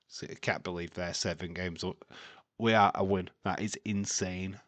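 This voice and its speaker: A man's voice: low voice, fairly even intonation, slow pace, a bit bright, no echo. A man hosting a live watch-along stream, chatting casually to his viewers and laughing often as he rambles through jokey tangents.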